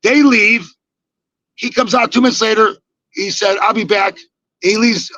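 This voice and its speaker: A man in his sixties telling a casual story, acting out the quoted lines with lively energy and casual swearing. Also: high voice, dull audio. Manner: animated, acts out quoted dialogue, swears casually. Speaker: podcast guest telling stories.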